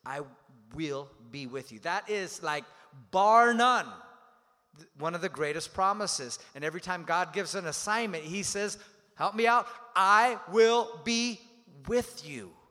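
A man's voice: on the high side, lively intonation, measured pace. A man preaching a sermon as pastor, emphatic and dynamic, calling on the congregation to repeat phrases. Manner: dynamic preaching with swings in loudness. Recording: long hall reverb.

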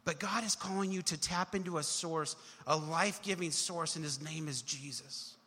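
A young man preaches to his congregation in a high, bright voice. He drives his points with emphatic surges and sudden quiet drops. The sound rings with the long reverb of a large hall. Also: normal speed, breathy edge. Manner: emphatic, builds to shouts then drops low. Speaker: pastor. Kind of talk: sermon. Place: church hall.

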